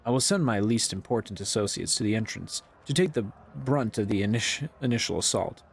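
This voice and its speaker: A man's voice: lowish voice, brisk, vocal fry, husky. A man reading aloud the lines of a cocky, bloodthirsty male gang boss.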